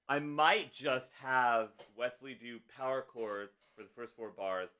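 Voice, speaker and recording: A man's voice: on the low side, sharp tone, smooth. A man live-streaming, talking casually to himself and his chat as he works out drum parts, humming rhythms under his breath. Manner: mutters to himself, hums drum rhythms, reads chat aloud. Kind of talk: casual live-stream talk while composing music.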